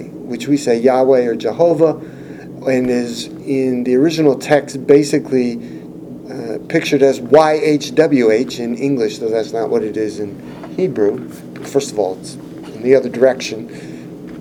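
A man's voice: on the high side, dark tone, a little hiss or hum, low-quality recording. A man preaching a Bible-teaching sermon, earnest and explanatory, rising to emphasis when he quotes scripture.

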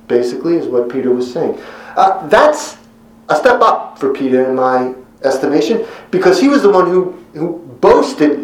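A man preaching a sermon in an earnest, conversational way, pausing for effect and voicing quotes with emphasis. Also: a little high, expressive, echoey room, poor audio.

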